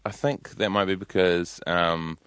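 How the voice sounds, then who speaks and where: A deep-voiced man with a New Zealand accent answers in an understated, deadpan way, often dryly literal. The sound is close and dry from a studio microphone. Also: unhurried, smooth, no room sound. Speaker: guest comedian. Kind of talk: casual interview.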